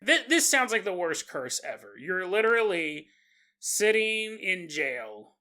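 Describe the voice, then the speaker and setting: A podcast host, a man with a high, bright, ringing voice, retells a paranormal tale as comedy. His pitch swings widely as he laughs and puts on mock voices for the people in the story. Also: very animated, unhurried, pauses often.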